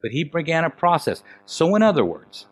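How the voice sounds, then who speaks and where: A man preaching a sermon and telling his own story, swinging between loud emphatic questions and hushed, quiet quoted lines. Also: a little high, big pitch swings, fairly quick, faint music behind. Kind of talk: sermon with personal testimony.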